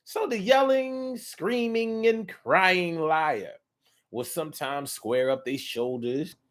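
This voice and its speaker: A man's voice: on the high side, slow pace. A man hosting his own talk show in a casual, rhythmic monologue, often acting out the people he talks about. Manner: animated, rhythmic, acts out quoted voices. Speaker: show host.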